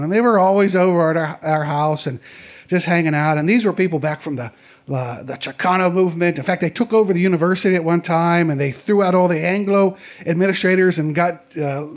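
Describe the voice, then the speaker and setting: Animated high-voiced man telling a story. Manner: conversational, animated, acts out quoted voices. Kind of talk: personal storytelling.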